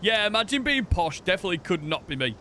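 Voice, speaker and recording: A man's voice: sits high, very animated, fast talker, sharp tone, slight background noise. A man from the UK with a British accent, chatting casually to viewers during a game live stream, rambling, self-deprecating and swearing now and then. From United Kingdom.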